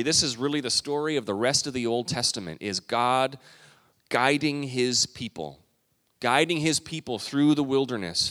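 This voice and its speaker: A man preaching a sermon, retelling a story in a lively way and acting out the quotes. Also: medium pitch. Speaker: pastor. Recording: long reverb of a large hall.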